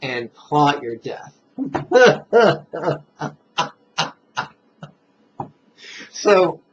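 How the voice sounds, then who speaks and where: A man teaching meditation in a relaxed, playful dharma talk, chuckling at his own jokes and guiding listeners step by step through the breath. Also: fairly high pitch, slight background noise. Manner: guides listeners slowly through breathing steps. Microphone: camera mic, self-filmed. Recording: dull, muffled camera audio.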